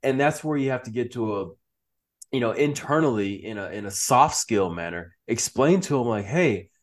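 A man's voice: medium pitch, moderate pace. A man as an interview guest, speaking casually with frequent laughs and restarts, acting out quoted lines. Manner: animated, laughs often, many restarts; acts out quoted speech. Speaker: podcast guest.

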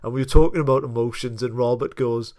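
Welsh podcast co-host, man, mid pitch, lively storyteller, dry close sound. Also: fast talker, no room sound. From South Wales. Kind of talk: casual chat.

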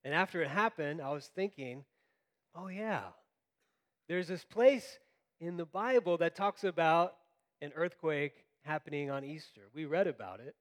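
Guy pastor from florida giving a sermon, animated, does little voices for quotes, slightly high pitched. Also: moderate pace.

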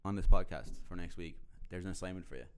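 A man co-hosting a podcast, chatting casually with teasing quick interjections. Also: low voice, clean tone.

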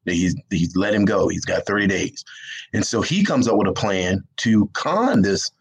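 Husky, laughing Southern man spinning a yarn. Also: lowish voice, expressive, moderate pace, poor audio. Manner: rambling, laughing, many restarts and fillers. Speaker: guest writer. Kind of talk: casual storytelling interview.

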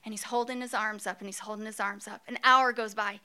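A woman preaches a sermon and tells stories in an earnest, expressive way. Her voice is bright, crisp and smooth. It sits a little high. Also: a little fast, hardly any pauses.

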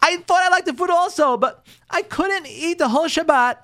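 A man's voice: very high voice, normal speed, fairly bright tone, pitched above the performer's own voice. A man voicing a hurt, exasperated young newlywed wife, firing off pleading, accusing questions.

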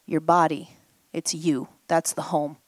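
At a live event, a healing coach with a fairly low, fairly flat voice guides a group through a healing exercise at a slightly slow pace. She coaxes and prompts, repeating short phrases for her listener to echo back, and the recording sounds close and dry with little room around it.

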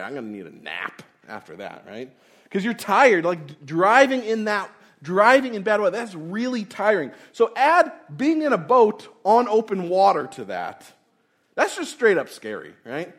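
Man preaching with hushed intensity. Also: fairly high pitch. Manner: conversational, swings between loud emphasis and hushed intensity. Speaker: pastor. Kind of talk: sermon.

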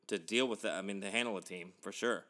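A man's voice: on the low side, fast, sharp tone. Rambling man talking baseball. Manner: rambling, with frequent restarts and swearing. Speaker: podcast co-host. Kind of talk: casual sports chat.

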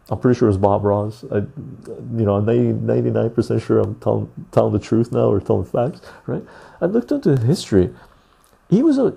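Calm gravelly-voiced man. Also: medium pitch. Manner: calm, unhurried, swears freely, laughs often. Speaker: podcast host reading live chat. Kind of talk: casual livestream chat.

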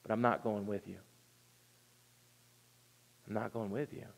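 A man voicing a calm, firm male deity who speaks quietly and with measured weight. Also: lowish voice, creaky, big-room sound, voice pushed down, rough recording. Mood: stern.

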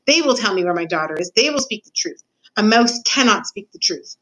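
A woman reading aloud voices a weepy, blustering old king who shouts and will not listen. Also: medium pitch, animated, a little fast, close to an everyday voice, low-quality recording. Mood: stubborn. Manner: shouting, loud and petulant.

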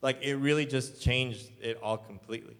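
A man's voice: medium pitch, steady tone, moderate pace, a bit bright. A young adult man, a church elder, preaching a sermon in a loose, casual storytelling way full of "like"s. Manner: casual, filler-heavy storytelling with many "like"s. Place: church hall. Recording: long hall reverb.

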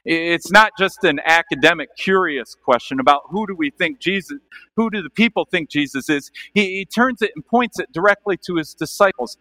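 A male pastor preaching a sermon, asking the congregation questions, animated, with sharp rises and drops in his voice. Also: fairly high pitch, moderate pace.

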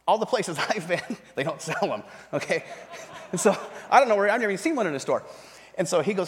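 A fairly high-voiced man tells his story as a sermon, animated and lively, acting out the voices of the people he met. His voice rings through a church auditorium with a long reverb tail. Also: quick pace. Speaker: pastor. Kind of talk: sermon testimony. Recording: reverberant hall.

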